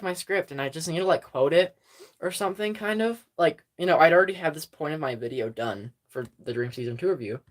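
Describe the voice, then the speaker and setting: A chatty livestream host talking straight into a phone at home, giggling often and losing the thread. The voice is mid-pitched, and the talk wanders through fillers and restarts. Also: a bit bright. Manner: rambling and giggly, full of fillers. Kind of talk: casual livestream chat with viewers.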